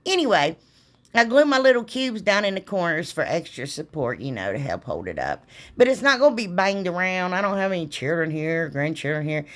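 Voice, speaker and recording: A woman's voice: lowish voice, big pitch swings, a little fast. A middle-aged woman, hosting a craft channel and chatting in a rambling, folksy way, talking straight to her viewers. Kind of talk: casual chatty craft tutorial.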